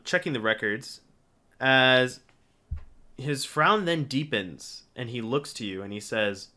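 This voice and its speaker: A man narrating a tabletop role-playing game as game master, relaxed and full of pauses. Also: mid-range voice. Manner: relaxed, with frequent filler pauses.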